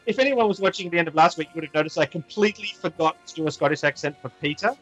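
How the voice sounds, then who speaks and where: A man runs a tabletop game, describing the action in a playful way and laughing often. His voice is bright and sits a little high, with faint music behind him. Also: rapid-fire, husky, lo-fi sound. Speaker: game master.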